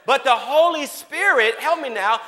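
A male preacher with a high, bright voice delivers a lively sermon. He keeps asking his listeners if they follow, dropping to hushed asides and rising to shouts. His words ring out with a long hall reverb. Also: moderate pace. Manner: animated, repeatedly checks in with the audience.

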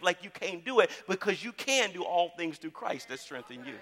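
A man preaching a sermon in a church, calling out to the congregation and repeating phrases as he builds to shouts. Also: a little high, animated, normal speed, hardly any pauses, long reverb tail. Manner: call-and-response preaching, repeats words, rising to shouts. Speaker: pastor.

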